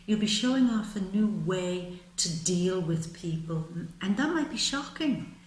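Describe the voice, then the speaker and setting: A woman doing a tarot reading to camera, emphatic and soothing, calling the listener "baby" and "my love", sometimes dropping to a soft whisper. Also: mid-range voice, animated, unhurried. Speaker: tarot reader. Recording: roomy with faint ambient noise.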